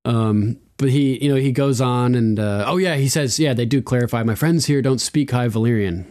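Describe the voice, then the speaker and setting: A man casually recapping a TV episode on a podcast, with loose, profane asides, laughs, and quick acted-out quotes. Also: medium pitch, darkish tone. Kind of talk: casual chat.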